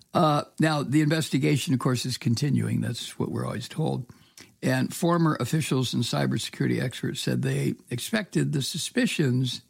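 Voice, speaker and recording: A man's voice: medium pitch, creaky, breathy edge, no room sound, clean studio sound. A man giving solo political commentary, reading news aloud and breaking off into profane, sarcastic rants with many fillers and restarts. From from the US state of Georgia.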